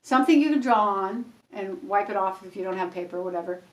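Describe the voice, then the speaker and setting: A woman life coach giving a casual, energetic how-to talk to camera, encouraging and animated. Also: medium pitch, fast, reverberant, far from the mic, rough recording.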